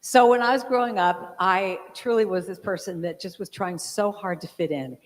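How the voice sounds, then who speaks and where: A chatty woman in her sixties speaks to a congregation in a large church hall, at a medium pitch. She tells her stories with plenty of fillers and acts out little quotes. A long reverb from the hall trails after her words. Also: normal speed. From California. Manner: chatty, storytelling, lots of fillers and acted-out quotes. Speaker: guest speaker and singer. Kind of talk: casual talk to a congregation.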